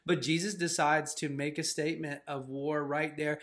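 A man co-hosting a faith channel, telling a story in a casual, animated way with lots of "like" fillers. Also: a little high, moderate pace, few pauses. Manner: animated, filler-heavy retelling with "like".

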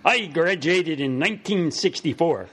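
A man voicing a genial Irish man in a bar, folksy and unhurried, in an Irish accent. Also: a little high, expressive, fairly bright tone, husky, exaggerated voice.

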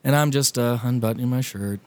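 A man's voice: mid-range voice, a little fast, a little mellow. A young man animatedly telling a funny story as a podcast host, laughing often and swearing. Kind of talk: casual storytelling.

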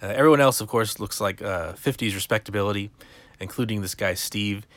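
A man's voice: on the low side, a little fast, a bit bright, no room sound. A man hosting a podcast, casually recapping an episode with rambling, wry asides and plenty of fillers. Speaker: podcast host.

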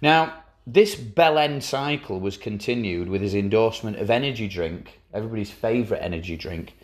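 A man's voice: fairly low pitch, a little fast. A man co-hosting a podcast, chatting casually in a teasing, sardonic way, swearing now and then. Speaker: podcast co-host. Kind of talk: casual chat.

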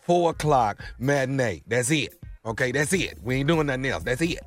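A man's voice: mid-range voice, animated, normal speed, over loud music. A man on morning radio making emphatic, clipped announcements. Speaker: radio host. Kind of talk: on-air announcement.

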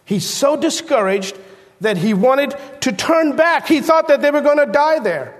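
High-voiced preacher in a reverberant church. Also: male voice, measured pace. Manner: earnest preaching, animated when telling Bible stories. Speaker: pastor. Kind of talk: sermon. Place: church sanctuary.

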